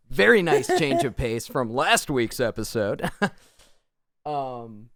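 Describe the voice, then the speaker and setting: A man's voice: mid-range voice, very animated, slow, fairly bright tone, no room sound. A man co-hosting a podcast in casual chat, enthusiastic and jokey, swearing casually. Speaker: podcast co-host.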